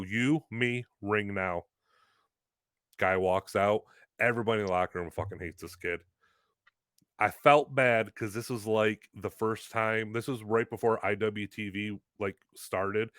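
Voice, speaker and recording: Low-voiced man telling a rambling story. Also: a bit bright, dry recording, clean studio sound. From Western New York, US. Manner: rambling, heavy use of "like". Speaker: guest, pro wrestler. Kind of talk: casual storytelling chat.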